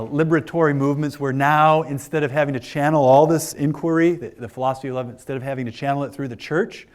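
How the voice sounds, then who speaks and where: A man giving an informal philosophy lecture to a class of older adults, chatty and joking with frequent fillers. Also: medium pitch. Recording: lecture room.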